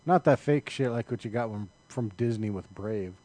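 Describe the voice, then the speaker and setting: A man's voice: medium pitch, normal speed, darkish tone. A man co-hosting a podcast, joking sarcastically in casual banter. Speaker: podcast co-host.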